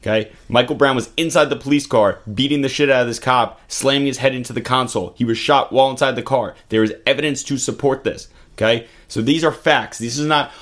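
A man's voice: mid-range voice, fairly even intonation, fast talker, hardly any pauses, fairly bright tone. A man giving blunt, profane political commentary in casual chat, co-hosting a talk video.

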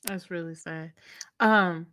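A woman co-hosting a podcast, chatty and quick to react. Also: lowish voice, steady tone, a bit bright, no echo, studio quality. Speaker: podcast co-host. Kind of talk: casual chat.

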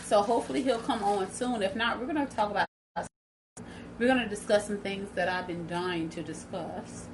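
A woman's voice: mid-range voice, moderate pace, noisy background. A woman in her thirties with a Southern American accent, hosting a casual live stream and chatting directly to her viewers.

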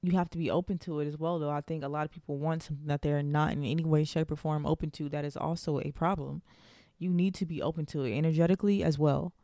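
Young woman host, warm earnest encouragement, dry close mic. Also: sits low, steady tone, fast, no room sound. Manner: earnest, encouraging, faith-filled. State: out of breath. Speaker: podcast host. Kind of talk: solo podcast monologue.

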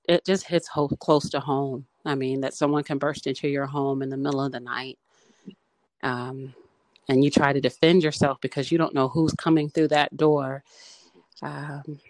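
A woman speaks on a podcast in an earnest, halting way, pausing often on fillers. Her voice has a gravelly fry to it. The sound is dry and close, with no room around it. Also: rumbling low, fairly even intonation, a little mellow, dry recording. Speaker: podcast co-host. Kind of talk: casual discussion.

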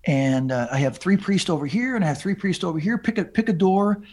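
Rambling storytelling man, bit high. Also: expressive, a little fast, darkish tone. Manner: rambling, many restarts and repeated words. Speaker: podcast guest. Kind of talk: storytelling in casual chat.

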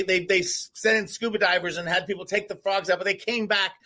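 A man with a high, bright voice tells a travel story to a live audience. He rambles and restarts, but keeps the telling animated and casual. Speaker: co-host.

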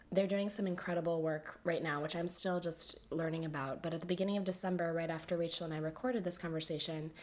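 Woman, podcast host, slightly low voice, a bit sick, friendly, video-call sound. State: under the weather, sick voice. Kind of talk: podcast interview.

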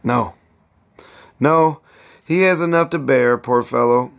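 A man's voice: medium pitch, slow, vocal fry. A man reading aloud and voicing an anxious, devoted young wife and mother who pleads with her husband, his voice raised and strained. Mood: worried.

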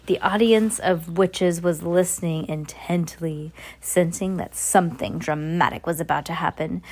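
A woman's voice: lowish voice, fairly even intonation, unhurried, hardly any pauses, a little mellow. A woman reads a children's novel aloud at an easy pace. She breaks off for chatty asides and restarts words freely. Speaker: reader. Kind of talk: casual reading of a novel aloud.

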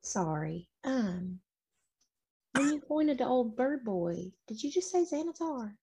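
Husky, sassy woman player. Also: on the high side, sing-song, takes it slowly, warm tone. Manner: sassy, drawling, confrontational. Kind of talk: in-character role-play.

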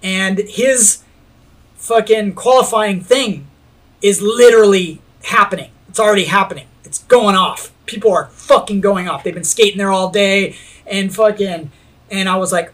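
A man telling a skateboarding story in casual chat, animated, swearing freely and laughing as he goes. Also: high-pitched, moderate pace.

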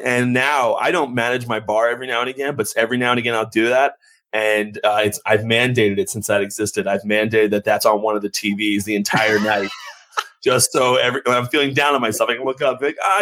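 A man chats as a guest on a sports podcast. He is laid-back and joking, and he stumbles and restarts his sentences often. His voice sits at a middle pitch. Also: fairly even intonation, quick pace, fairly bright tone, poor audio. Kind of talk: casual chat.

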